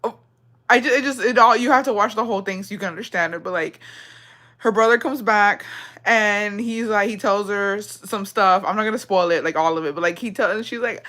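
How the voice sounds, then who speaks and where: A woman's voice: mid-range voice, fairly quick, pushed and bright. A young adult woman vlogger chatting casually with her viewers in an emotional, rambling way, full of swearing.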